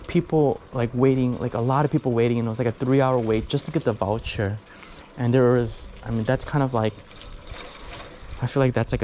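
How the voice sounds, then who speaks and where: A man's voice: mid-range voice, darkish tone, a little hiss or hum. Rambling man vlogging from a bicycle. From United States. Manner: rambling, many fillers and restarts. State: out of breath. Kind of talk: casual chat while cycling. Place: outdoors on city streets, riding a bicycle.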